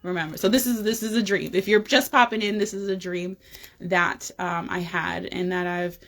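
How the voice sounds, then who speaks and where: A woman's voice: lowish voice, normal speed, soft background music. A woman hosting a wellness check-in, casually telling the story of a dream, with lots of "um" and "you know". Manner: chatty, frequent "um" and "you know", animated retelling.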